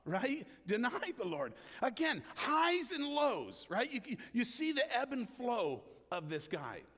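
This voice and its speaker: A man with a high, very lively voice delivers a sermon, speaking casually to his congregation as if chatting with them. He acts out the words of the people in his story with big swings in pitch. The sound carries a long reverb, as in a large church hall. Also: takes it slowly, breathy edge. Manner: conversational, frequent "right?" asks to the congregation. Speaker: preacher.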